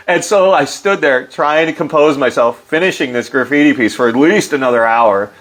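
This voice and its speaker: A middle-aged man with an animated storytelling manner, loose and full of fillers, acting out quotes in a livelier voice. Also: mid-range voice, brisk, few pauses. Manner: loose, filler-heavy delivery. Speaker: interview guest. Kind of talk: casual storytelling.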